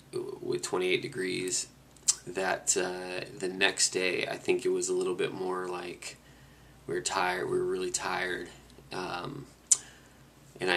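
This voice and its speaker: Recapping a lengthy cross-country ride, the motorcyclist speaks in a low pitch with vocal fry over slight background noise. His relaxed account rambles and often begins again mid-sentence.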